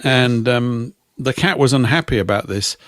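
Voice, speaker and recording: A man's voice: mid-range voice, normal speed, a bit bright, no room sound. A middle-aged man from England telling rambling anecdotes in casual chat with a dry, self-mocking manner. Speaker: co-host.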